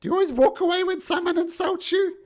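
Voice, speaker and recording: A man voicing a tiny mischievous fey creature hiding in a tree, shrill and sing-song, goading and mocking the party. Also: fast talker. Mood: taunting.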